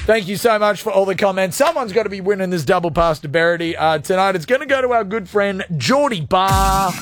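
A man's voice: high-pitched, fast talker, noisy background. A man from Australia, hosting a radio show and joking casually with listener comments, swearing freely. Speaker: radio host.

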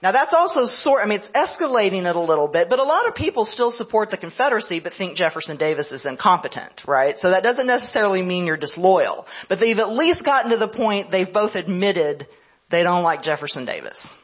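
A woman history professor delivers a conference lecture, recounting events as a story and stopping to explain them. Her voice sits at a middle pitch. It comes through a slightly dull, lo-fi radio broadcast. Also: lively intonation, a little fast, husky. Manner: storytelling, explanatory, checks in with "right?".

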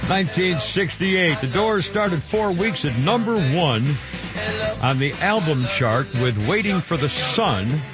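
Rambling radio host, muttering asides. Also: male voice, fairly high pitch, animated, slow pace. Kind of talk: casual on-air banter. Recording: dull broadcast audio with faint music.

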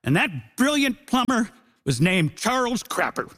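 Lively high-voiced male comic debater. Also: measured pace. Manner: mock-grand delivery building to punchlines. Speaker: comedy debater. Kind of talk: stand-up style debate speech. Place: theatre stage before a live audience.

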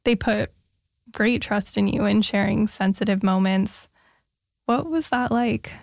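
A woman's voice: mid-range voice, unhurried, gravelly, darkish tone, no echo, studio quality. A woman hosting an interview, asking thoughtful follow-up questions in a conversational way.

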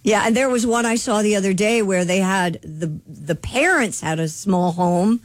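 A woman's voice: medium pitch, moderate pace, no echo. A woman co-hosting a casual talk show, reading out word definitions and chatting with her co-hosts. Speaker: radio show co-host. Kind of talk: casual morning show banter.

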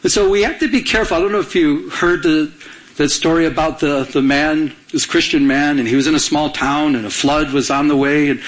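A male pastor delivering a sermon in a relaxed, conversational manner. His voice sits somewhat high for a man. He reads scripture aloud and often leaves gaps for the congregation to fill in. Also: a little fast, rough recording.

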